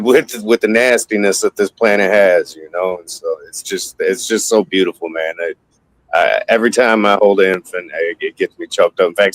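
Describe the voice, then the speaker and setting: A man co-hosting a podcast, speaking earnestly in halting phrases that repeat words and often add "man". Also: on the low side, no room sound, poor audio. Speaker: podcast co-host. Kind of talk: casual podcast chat.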